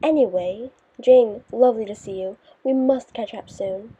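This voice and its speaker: A woman's voice: fairly high pitch, moderate pace, dark tone, breathy edge. A woman voicing a snobbish rich teenage girl in an audiobook, haughty and condescending. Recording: dull lo-fi recording.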